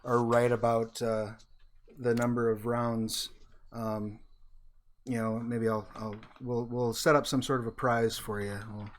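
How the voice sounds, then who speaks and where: Halting male game master over a video call, keyboard clicks. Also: medium pitch, level tone, slight background noise. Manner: halting, stops and restarts often. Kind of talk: hosting a character creation session.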